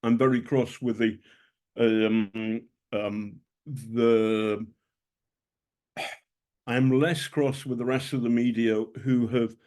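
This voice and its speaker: British guy on a video call telling war stories to students, dry jokes, lots of ums, mellow voice. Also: mid-range voice, steady tone, takes it slowly. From Britain. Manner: emphatic storytelling with dry humor, frequent ums. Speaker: guest speaker, journalist.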